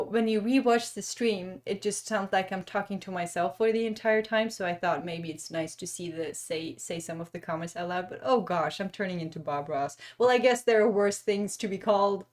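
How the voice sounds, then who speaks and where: A young woman hosting a cozy painting livestream, chatting gently, reading comments aloud and laughing often. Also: medium pitch. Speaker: art stream host. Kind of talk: casual livestream chat while painting.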